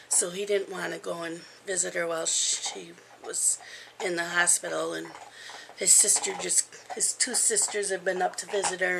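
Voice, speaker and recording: A woman's voice: fairly low pitch, creaky, a bit bright, a little hiss or hum. A woman in her fifties chatting casually at home in a rambling vlog, with frequent ums. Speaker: crafting vlogger.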